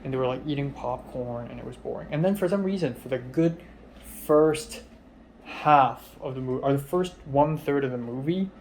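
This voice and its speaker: A young man telling a personal story in a casual, rambling way, with lots of fillers, often trailing off quietly in a flat, low-key voice. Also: normal speed, slight background noise.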